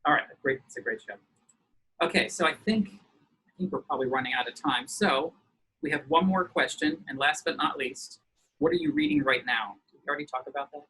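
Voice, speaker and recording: A man's voice: a little high, bright, forceful tone, slightly rough, poor audio. A man interviewing a colleague outdoors, firing off questions and teasing his guest. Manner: playful, teasing, quick questions. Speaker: interviewer, church organist. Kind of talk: casual interview.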